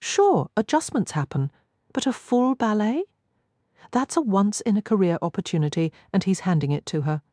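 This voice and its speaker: A woman narrating a first-person romance audiobook in an expressive, intimate storytelling manner. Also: mid-range voice, normal speed, no echo, studio quality.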